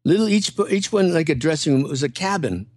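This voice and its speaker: Older male comic guest, rambling anecdotal delivery, lively pitch, dry close mic. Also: quick pace, no echo. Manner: rambling, animated, lots of fillers and restarts. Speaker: comedian and impressionist guest. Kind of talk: casual storytelling chat.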